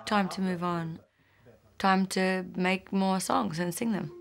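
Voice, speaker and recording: A woman's voice: lowish voice, steady tone, slow pace, faint music behind. An Australian woman, a singer, talking candidly in an interview, with a light stutter and some self-mocking laughs. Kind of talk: reflective interview.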